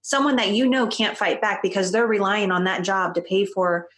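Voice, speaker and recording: A woman's voice: mid-range voice, steady tone, moderate pace, fairly bright tone. A woman guest on a podcast, talking in a casual, emphatic and opinionated way. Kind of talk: casual conversation.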